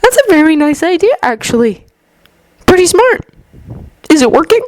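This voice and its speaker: A woman voicing an excitable, gentle teenage boy who sounds bright, earnest and eager. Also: extremely high pitch, normal speed, no echo, pitched above the performer's own voice. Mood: earnest, caring.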